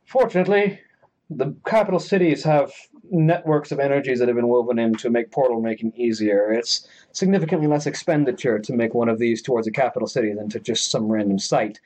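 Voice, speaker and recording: A man's voice: medium pitch, fairly quick, darkish tone, close to an everyday voice, rough recording. A man voicing a courteous male elf mage in a tabletop game.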